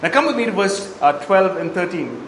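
A man's voice: high-pitched, sing-song, normal speed, fairly bright tone, slight background noise. A man preaching a sermon, reading Bible verses aloud and explaining them to the congregation. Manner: expository Bible teaching with verse readings and asides. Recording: echoey hall, faint ambience.

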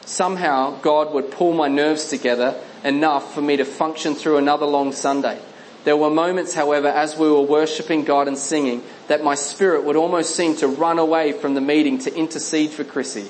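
A man reading a Christian memoir aloud as narrator, measured and earnest, slowing on key phrases. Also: fairly high pitch, fairly even intonation, slight background noise, poor audio.

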